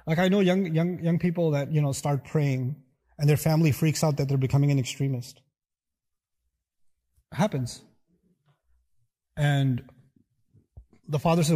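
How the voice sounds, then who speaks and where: A man giving a lecture, animated and acting out little dialogues in quoted voices. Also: fairly high pitch, normal speed, long pauses. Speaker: speaker giving a talk. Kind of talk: lecture on scripture.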